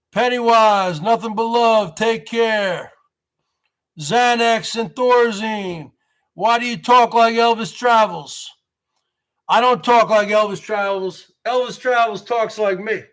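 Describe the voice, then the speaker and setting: A man's voice: high-pitched, sharp tone. A man in his forties hosting his own vlog, rambling straight to his viewers and calling them folks. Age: 40s. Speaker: show host.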